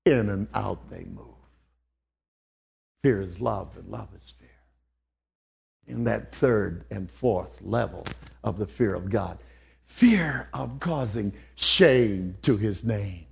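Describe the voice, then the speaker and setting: A man's voice: lowish voice, animated, slow, creaky, pauses often, breathy edge. An older man preaching an old-fashioned sermon, dropping to near whispers and then rising to fervent outbursts.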